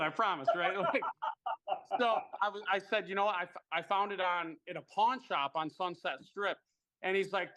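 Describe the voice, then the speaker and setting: A man with a bright, somewhat high voice tells a rambling story in casual chat. He is animated and lively, and he swears freely.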